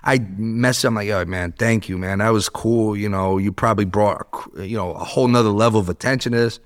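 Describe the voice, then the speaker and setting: Speaking briskly with a fairly low pitch, a man in his thirties shares a story as a podcast guest in casual conversation. He's animated, swears, and acts out the quotes of the people involved.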